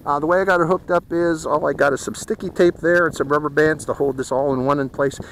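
A man's voice: on the high side, steady tone, fast talker, creaky, a bit bright, slight background noise, rough recording. A man hosting a hobby video, chatting casually to viewers about a model plane flight outdoors, calling them folks. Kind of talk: casual flight-test commentary. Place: outdoors at a flying field.

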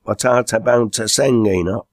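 A man's voice: lowish voice, normal speed, no room sound, studio quality, voice pushed up, natural voice. A man doing Rip, a hearty working man. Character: generous good-natured Lancashire working man.

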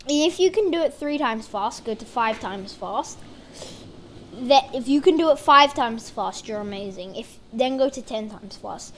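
A woman's voice: on the high side, a little hiss or hum. A woman giving playful, rambling commentary over her own gameplay. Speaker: gaming channel host.

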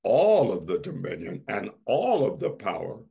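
Male pastor, husky, lively pitch swings; slow, emphatic sermon delivery. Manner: slow, emphatic preaching with dramatic repetition.

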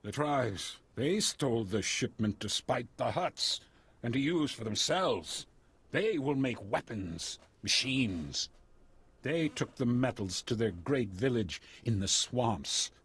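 An actor voicing a solemn alien tribal chief in a video game, speaking in a halting, formal way with a husky voice. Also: male voice, medium pitch, lively intonation, a bit bright, exaggerated voice.

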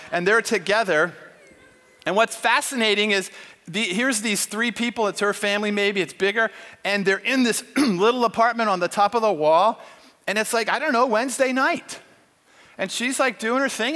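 A man with a fairly high voice tells a Bible story in a loose, conversational sermon. He jumps into characters' voices as he goes, animated and storytelling. The sound rings with the long reverb of a church hall. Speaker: conference speaker. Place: church auditorium.

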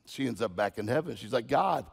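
A man's voice: on the low side, quick pace, vocal fry, slightly rough, big-room sound. A man preaching as a guest speaker, telling folksy humorous stories and often repeating words. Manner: storytelling, folksy, repeats himself.

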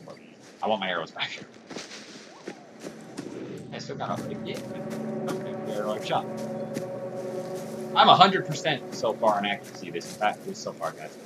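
A man hosting a gaming channel, giving excitable, jokey let's-play commentary straight to his viewers. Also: on the low side, background noise.

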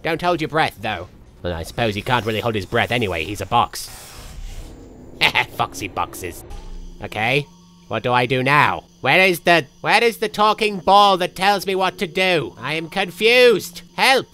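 A man's voice: a little high, very animated, moderate pace, sharp tone, soft background music. A man voicing a vain, flamboyant and dim-witted male villain in a comedic gameplay voice-over, speaking in a campy, boastful and theatrical way. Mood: confused.

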